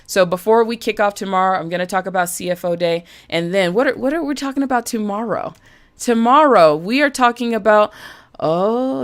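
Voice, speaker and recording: A budget coach with a fairly low-pitched voice hosts a casual live stream, chatty and animated, greeting viewers by name.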